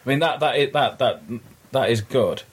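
A man's voice: mid-range voice, normal speed, breathy edge. A man co-hosting a casual film podcast, restarting his sentences and making cheeky jokes. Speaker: podcast co-host.

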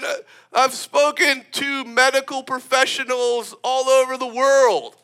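A man preaching a sermon in an animated, emphatic way, often breaking into laughter. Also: very high voice, slow.

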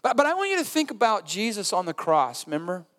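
A man's voice: high voice, huge pitch swings, quick pace, a bit bright. A man preaching a sermon as a pastor, conversational and earnest, with humor and asides, in a church. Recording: reverberant church hall.

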